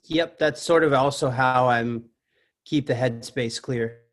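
A man's voice: mid-range voice, unhurried. A man in his thirties, an actor and musician, talking as a guest in a casual podcast chat, reflective and earnest as he builds long thoughts. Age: 30s.

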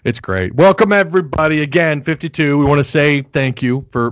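A man's voice: fairly high pitch, expressive, fairly quick, few pauses, no room sound, rough recording. A man from Arkansas with a light Southern accent, hosting a casual sports podcast, rambling and laughing often. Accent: Northwest Arkansas Southern. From Fayetteville, Arkansas. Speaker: podcast host.

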